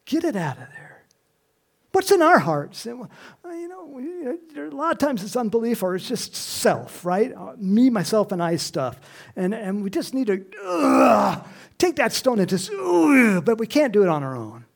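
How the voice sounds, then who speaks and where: A preacher delivering an animated sermon, swinging between hushed and loud passages. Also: mid-range voice, normal speed, vocal fry.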